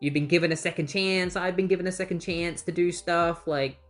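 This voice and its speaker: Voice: medium pitch, fairly even intonation, brisk, faint music behind, natural voice. A comic reviewer paraphrasing a young female hero's lines in a casual, everyday voice. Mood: earnest.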